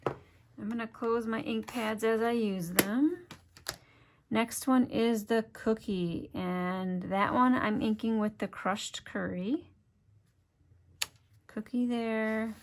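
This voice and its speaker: A woman's voice: a little high, steady tone, slow pace, long pauses, slight background noise. A woman leads a hands-on craft tutorial. She talks in a chatty, step-by-step way and thinks aloud as she works. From Wisconsin, USA. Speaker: craft demonstrator.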